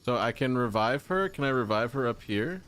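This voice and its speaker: A man's voice: mid-range voice, expressive, normal speed, a bit bright. A young man giving casual, jokey commentary while streaming a game, mock-angry and full of silly made-up words.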